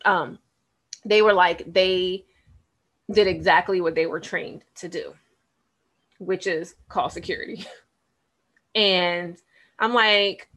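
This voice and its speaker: A woman's voice: fairly low pitch, fairly even intonation, a little slow, pauses often, fairly bright tone. A woman co-hosting a casual talk show, blunt and candid, laughing as she talks. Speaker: podcast co-host. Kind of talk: casual chat.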